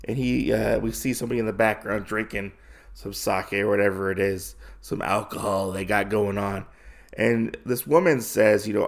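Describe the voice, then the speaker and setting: A man's voice: fairly low pitch, fairly even intonation, moderate pace, gravelly. A man hosting a podcast, casually recapping a comic in a rambling way with lots of fillers. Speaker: podcast host.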